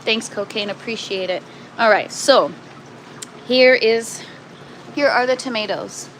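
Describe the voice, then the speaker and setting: Woman with a Canadian accent, host of a casual grow-tent livestream, pitch a touch high, chatty and self-deprecating, faint hum underneath. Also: a little slow, fairly bright tone, rough recording. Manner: chatty, self-deprecating, reads out viewer comments.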